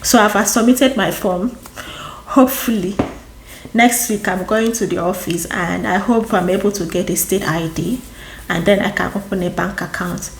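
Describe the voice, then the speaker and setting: A woman from Nigeria with a Nigerian accent, chatting casually to camera as a vlogger, expressive and exclamatory, repeating phrases for emphasis. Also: medium pitch, moderate pace, a little hiss or hum. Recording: roomy echo with faint background music.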